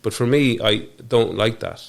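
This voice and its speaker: Deep gravelly Irish man, earnest. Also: normal speed. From Ireland. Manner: earnest, restarts and trails off mid-thought. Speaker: podcast guest. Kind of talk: reflective conversational interview. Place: studio.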